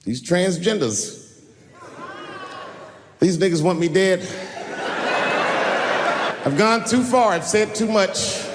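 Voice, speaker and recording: A man doing a stand-up comedy set, telling loose stories and breaking into sudden shouts before a laughing crowd. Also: high voice, takes it slowly, pauses often, in a large hall, noisy background. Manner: loose, animated storytelling with sudden shouts and put-on voices. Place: stage before a laughing audience.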